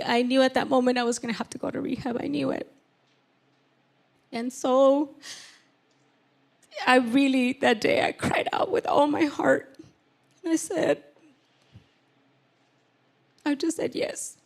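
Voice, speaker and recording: Woman, personal testimony, candid and halting, slightly high-pitched. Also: fairly even intonation, vocal fry. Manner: candid, emotional, halting with many fillers. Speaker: church member giving testimony.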